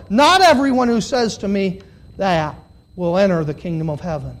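A preacher giving a live sermon to a congregation of about fifty, dropping to quiet, low questions and then rising to loud, shouted emphasis, drawing out key words. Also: normal speed. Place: church hall with about fifty listeners.

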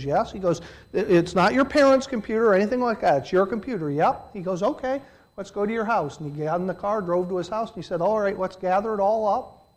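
A middle-aged man delivering a sermon in a fairly high voice. He swings between loud, emphatic peaks and quiet, hushed passages. He acts out the voices of the people he quotes. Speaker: preacher.

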